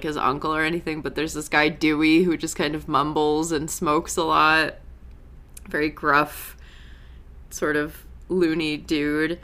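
A young woman casually recapping a TV episode in a chatty, expressive way, full of quick asides. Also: sits low. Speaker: show recap host.

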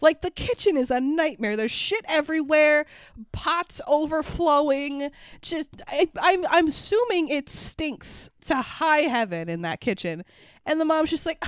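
A woman's voice: sits high, moderate pace, no echo, studio quality. A young adult woman co-hosting a podcast, chatting casually and sarcastically about a movie, swearing and acting out lines. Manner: animated, sarcastic, swears freely, acts out quotes. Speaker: podcast co-host. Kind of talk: casual movie review chat.

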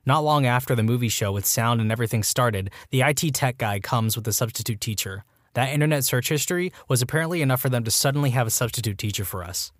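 A man's voice: medium pitch, no echo, studio quality. A man reading out a string of short anonymous school stories as scripted narration, matter-of-fact with wry asides.

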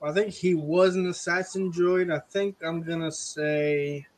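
A man's voice: a little high, fairly even intonation, measured pace. A young man playing as a quiz contestant, chatting casually and rambling with lots of hesitations. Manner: rambling, hesitant, full of ums. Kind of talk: casual chat.

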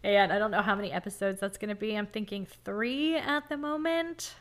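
A woman co-hosting a podcast in casual chat, chatty and quick to laugh, often trailing off mid-sentence. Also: medium pitch. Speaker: podcast co-host.

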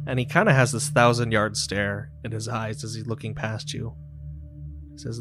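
A man running a tabletop game as game master, narrating scenes in a relaxed, descriptive way. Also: lowish voice, fairly quick. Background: ambient music with singing bowl.

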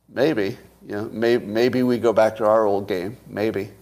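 A man's voice: lowish voice, a little slow, a little mellow. Blunt, profane male commentator. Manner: blunt, profane, rhetorical questions. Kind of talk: casual political monologue.

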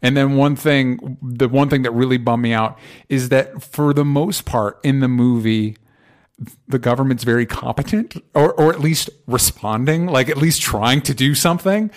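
A man co-hosting a podcast, chatting casually and rambling about movies, with frequent swearing and animated asides. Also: mid-range voice, normal speed. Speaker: podcast co-host.

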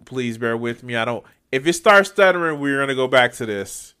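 A man's voice: mid-range voice, animated, moderate pace, sharp tone, clear, resonant tone. Incredulous male streamer reacting live. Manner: incredulous, swears, stammers and restarts.

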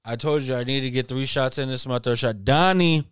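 A man's voice: mid-range voice, brisk, smooth, dry recording. A man hosting a podcast, rowdy and profane in casual banter. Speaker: podcast host.

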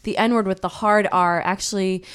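A woman's voice: mid-range voice, steady tone, moderate pace, fairly bright tone, smooth. A woman hosting a podcast, chatting casually and laughing while teasing her co-hosts. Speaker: podcast host. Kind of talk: casual chat.

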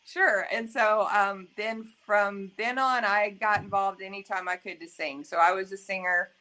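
A woman's voice: mid-range voice, steady tone, normal speed, bright, forceful tone. A middle-aged woman from Arkansas, a singer chatting as an interview guest in a friendly way. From Arkansas, USA. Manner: friendly, chatty, laughs easily. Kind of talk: interview answers.

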